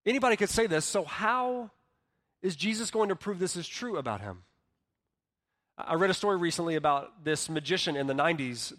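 A man preaching a sermon as pastor, earnest, dropping soft and then rising loud for emphasis. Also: fairly high pitch, long reverb tail. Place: church hall.

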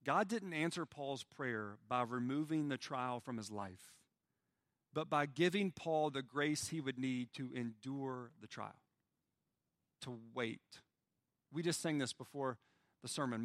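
A man preaching a sermon as pastor, swinging from loud pleading lines to hushed, quiet ones. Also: mid-range voice, unhurried, no echo, clean studio sound.

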